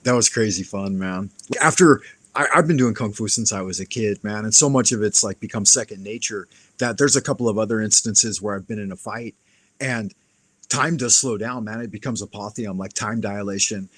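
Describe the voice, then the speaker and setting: A man's voice: lowish voice, moderate pace, no room sound. A man hosting a live stream, casually telling a profane fight story and acting out the lines of the people in it. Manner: profane, animated anecdote-telling with acted-out quotes.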